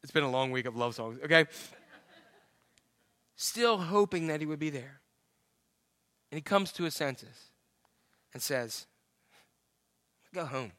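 A middle-aged male pastor delivers a sermon, swinging from hushed lines to loud acted-out shouts. His voice sits high and sounds bright. The sound is dry and close. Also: measured pace, pauses often, dry recording. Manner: animated storytelling, acts out the father's voice.

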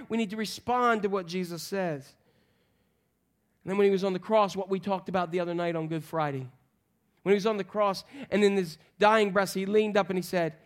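A high-pitched man preaches to a church congregation. He swings between ringing calls and quiet, hushed lines. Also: steady tone, a little fast. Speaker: pastor. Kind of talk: sermon. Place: church sanctuary, also streamed online.

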